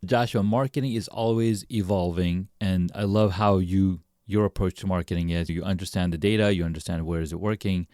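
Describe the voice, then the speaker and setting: A man's voice: deep voice, fairly even intonation, brisk, few pauses, warm tone, no room sound, studio quality. A man hosting a podcast interview, affirming his guest and summing up the guest's points in a conversational way. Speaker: podcast host.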